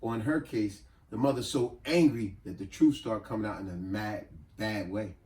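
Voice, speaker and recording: A man's voice: fairly low pitch, normal speed. A man casually reviewing a novel, animatedly retelling its plot in an echoey room far from the mic. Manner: animated retelling, lots of repeating. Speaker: book reviewer. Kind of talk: casual book discussion.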